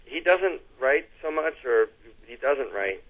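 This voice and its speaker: A man's voice: mid-range voice, lively intonation, slow pace, phone-quality sound. A middle-aged man with a Canadian accent, chatting as an interview guest and telling stories with lots of restarts and fillers. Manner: chatty storyteller, restarts and fillers, laughs easily. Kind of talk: casual interview chat.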